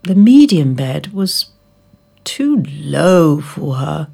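A woman reading a children's storybook aloud, slowly and expressively. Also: deep voice, gravelly, slightly rough. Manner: expressive, slow and drawn out.

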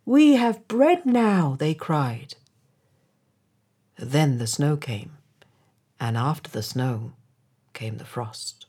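A woman reading a fairy tale aloud, expressive, often dropping to a whisper. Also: sits low, husky. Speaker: narrator. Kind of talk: storybook read-aloud.

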